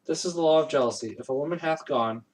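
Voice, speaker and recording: A man reading the Bible aloud in a plain, steady way, with frequent slips and self-corrections, his voice still strained from allergies. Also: a little high, fast, low-quality recording. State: recovering voice after allergies. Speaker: Bible reader.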